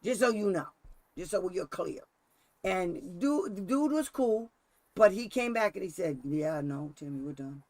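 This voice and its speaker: A man's voice: sits high, unhurried, dry recording. A man hosting a casual talk, telling a story with frequent laughs and acting out the quotes himself. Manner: animated storyteller, laughs often, acts out quotes. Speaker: special education advocate and host.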